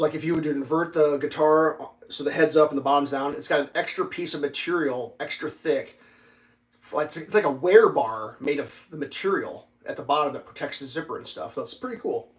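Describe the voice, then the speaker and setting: A man hosting a casual livestream, telling a story with lots of swearing and loudly acting out the dialogue. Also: a little high, normal speed. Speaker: livestream host.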